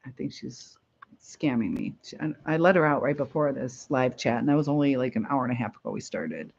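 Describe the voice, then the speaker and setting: A woman's voice: very deep voice, animated, a little fast, creaky, a little mellow, a little hiss or hum. Rambling woman on lo-fi livestream. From Michigan, USA. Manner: rambling, reads viewer comments aloud, laughs often. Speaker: livestream host. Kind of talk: casual live chat.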